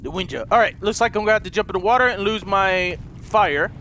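A man doing let's play commentary, excitable and swearing, talking to his viewers and shouting at the game. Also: high voice, fast talker, a little hiss or hum. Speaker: gaming video host. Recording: game sounds loud behind the voice.

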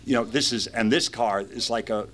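A man's voice: medium pitch, normal speed, a bit bright. Man, 50s, recovery meeting speaker, vivid storyteller who acts out voices, mid-range voice.

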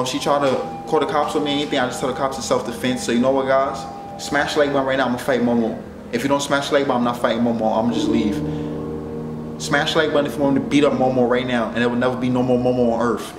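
A young man doing a comedy skit for his channel, loud and dramatic, swinging between pleading and yelling. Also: mid-range voice, background noise. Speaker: comedy vlogger.

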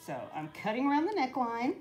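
Woman, middle-aged, casual craft vlog, animated pitch, rambling with "you know". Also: brisk, soft background music. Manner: chatty, rambling, with frequent "you know" and laughs. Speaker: craft vlogger. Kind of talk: casual DIY tutorial chat.

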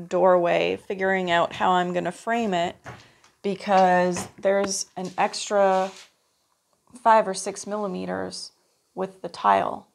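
Woman vlogger, head cold, unhurried and a touch gravelly, chatty. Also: medium pitch. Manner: chatty, laughs easily. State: stuffy with a cold. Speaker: vlogger renovating a house. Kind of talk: casual vlog chat.

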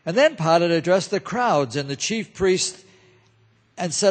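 A man narrating a scripture reading in a steady, solemn way, in a large church. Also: high-pitched, a little slow. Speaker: reader. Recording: echoey church hall.

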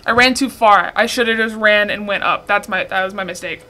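A woman's voice: medium pitch, brisk, pushed and bright. A young woman giving casual let's-play commentary, frantic and swearing as she talks to her viewers. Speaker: gaming streamer.

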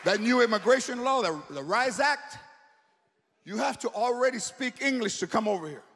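Loud, profane stand-up comedian man. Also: very high-pitched, animated, normal speed. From United States. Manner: loud, profane, punchy, mixes in Spanish words. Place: large comedy venue. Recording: live show with crowd noise.

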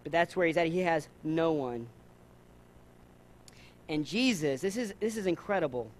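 High-voiced man preaching an animated sermon. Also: normal speed. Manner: animated preaching with rhetorical questions, repeated phrases and acted-out quotes. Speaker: pastor. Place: church service.

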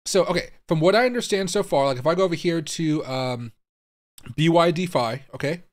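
A man's voice: a little high, lively intonation, fairly quick. Baffled man thinking aloud on a stream. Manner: baffled, thinking aloud, swearing, talking to viewers. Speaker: crypto livestream host. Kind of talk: live-streamed casual commentary.

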